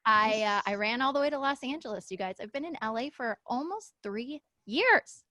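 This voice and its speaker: A woman's voice: a little high, normal speed, no room sound. A young woman from New Mexico doing a stand-up set, telling stories and acting out the people in them. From Albuquerque, New Mexico. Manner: animated storytelling, acting out characters. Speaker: stand-up comedian. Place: comedy show.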